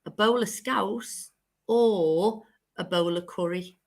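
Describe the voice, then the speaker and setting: A woman's voice: mid-range voice, takes it slowly, creaky. A woman co-hosting a casual chat show, talking in a chatty, rambling way and laughing often. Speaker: co-host.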